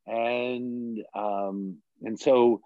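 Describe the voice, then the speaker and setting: A man's voice: mid-range voice, fairly even intonation, very slow, no room sound, phone-quality sound. A man in his fifties from Washington, D.C., a bishop telling his story in a chatty, self-deprecating way in an interview.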